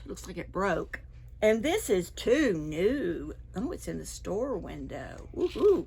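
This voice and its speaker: A woman librarian reading a picture book aloud to preschoolers in a library, expressive and full of sound effects and asides. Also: medium pitch, unhurried, creaky, breathy edge. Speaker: children's librarian. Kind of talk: preschool storytime read-aloud.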